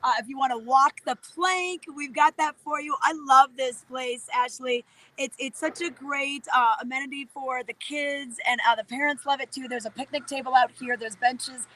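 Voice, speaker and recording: A woman's voice: high-pitched, fairly even intonation, moderate pace, bright, forceful tone, low-quality recording. An upbeat, chatty woman reporting live from outdoors for a local morning show, with frequent filler "uh"s. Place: outdoors at a park.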